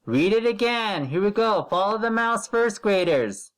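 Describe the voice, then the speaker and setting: A man leads a recorded reading lesson for first graders from his computer. He speaks at an unhurried pace with a lively, swinging intonation. He repeats every direction and stretches each word when he reads a sentence aloud for the children to copy. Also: high-pitched. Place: recording at a computer while sharing the screen.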